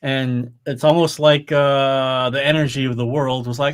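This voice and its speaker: A middle-aged man, a podcast co-host, rambles casually on a live stream and swears freely. His medium-pitched voice is fairly even in intonation, a little slow yet smooth, with hardly any pauses.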